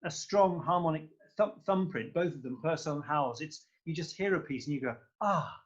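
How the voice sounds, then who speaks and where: A man's voice: on the high side, brisk. Enthusiastic man on a lo-fi call. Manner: enthusiastic, effusive, rambling with fillers. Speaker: guest conductor. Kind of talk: casual interview chat.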